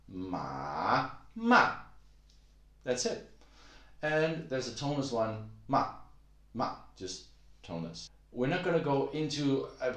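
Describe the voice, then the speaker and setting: A man teaching Mandarin tones in a casual video lesson. He explains in a relaxed way with many "uh" fillers, then breaks into high, exaggerated tone demonstrations. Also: roomy sound.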